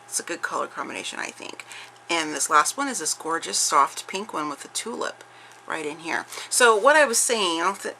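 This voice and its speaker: A woman's voice: on the low side, animated, moderate pace, creaky, sharp tone, a little hiss or hum, low-quality recording. A middle-aged woman showing off a craft haul in chatty show-and-tell style, gushing over each piece with many fillers and restarts. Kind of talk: casual show-and-tell chat.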